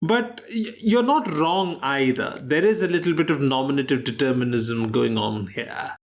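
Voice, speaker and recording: A man's voice: medium pitch, normal speed. A man from India hosting a casual quiz podcast, posing questions playfully. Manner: playful, puts on an English accent. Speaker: quiz host.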